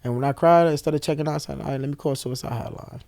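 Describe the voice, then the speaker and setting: A young man speaking as an interview guest, telling a personal story candidly and bluntly, with profanity, and acting out the dialogue with quick shifts of voice. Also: a little high, fairly even intonation, a little mellow, no echo.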